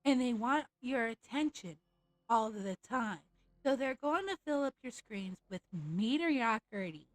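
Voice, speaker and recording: A woman's voice: on the high side, animated, unhurried, dry recording, rough recording. A woman streamer ranting in a casual, blunt and profane way over a live game stream.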